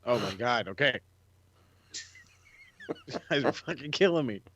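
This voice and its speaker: A man's voice: medium pitch, expressive, measured pace, fairly bright tone, highs cut off. Profane, exasperated podcast man. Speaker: podcast co-host. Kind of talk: casual podcast banter.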